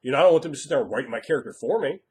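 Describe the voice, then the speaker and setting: A man's voice: mid-range voice, animated, rapid-fire, a little mellow. A man giving blunt, emphatic advice on tabletop role-playing as a game master, acting out quoted players. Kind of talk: casual advice monologue.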